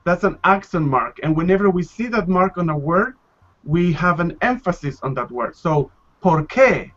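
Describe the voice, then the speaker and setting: A male Spanish teacher leading a live online class, speaking slowly and patiently, repeating words to model pronunciation. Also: sits high, expressive, fairly bright tone, muffled recording. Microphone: video call.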